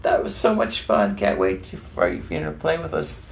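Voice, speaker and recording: A man imitating an excited male rock star in a high, gushing, shouted voice. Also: normal speed, creaky, reverberant. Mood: gleeful.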